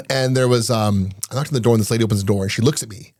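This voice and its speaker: A man's voice: medium pitch, no room sound, clean studio sound. A man in his forties, a business owner guest telling stories in a casual interview and acting out quoted dialogue. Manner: fast, animated, acts out quoted dialogue.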